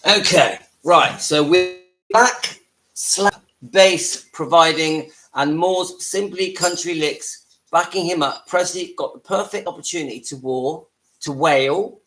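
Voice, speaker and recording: A man's voice: fairly high pitch, slow pace, low-quality recording. A man hosting a casual live stream from his home, chatting to viewers and breaking off to deal with his family. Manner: chatty, talks to viewers, breaks off to hush children. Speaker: livestream host.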